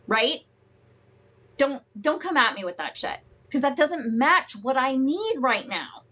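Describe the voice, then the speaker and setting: Woman coach for a live stream, frank and salty, high voice, slow and deliberate. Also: sing-song. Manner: frank, emphatic, profane, greets viewers warmly. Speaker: host and emotional wellness coach. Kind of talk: live-streamed teaching talk.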